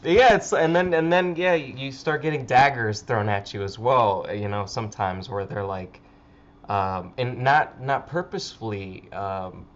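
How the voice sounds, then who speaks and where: A man's voice: mid-range voice, measured pace, highs cut off. A man hosting a casual livestream chat, rambling with frequent stammers and swearing. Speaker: livestream host.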